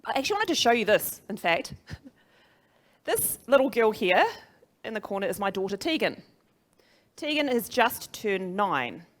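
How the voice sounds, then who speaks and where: A woman's voice: mid-range voice, sing-song, moderate pace, pauses often, fairly bright tone. A middle-aged woman with a New Zealand accent giving a chatty, upbeat live presentation to an audience and laughing at her own jokes. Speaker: conference speaker.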